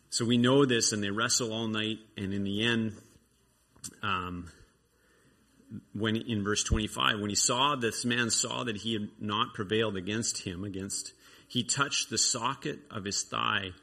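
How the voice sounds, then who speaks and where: A man's voice: fairly low pitch, bright, forceful tone, breathy edge. A man giving an informal sermon, reading scripture and reflecting aloud in a conversational way. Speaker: preacher.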